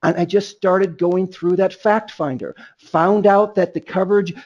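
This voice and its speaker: A man's voice: high-pitched, steady tone, a little slow, darkish tone, highs cut off. A man leading a sales training webinar, emphatic and rambling, often restarting his sentences.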